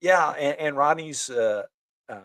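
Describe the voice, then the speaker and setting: A man's voice: fairly high pitch, lively intonation, unhurried, fairly bright tone, no echo. Joking male host, dry close mic. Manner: joking, storytelling. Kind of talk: casual podcast chat.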